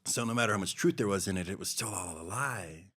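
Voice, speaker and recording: Deep-voiced middle-aged man from Hawaii, earnest and rambling, recounting his past as a podcast guest. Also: quick pace, a bit bright, breathy edge. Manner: earnest, rambling, heavy with fillers. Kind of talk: personal storytelling interview.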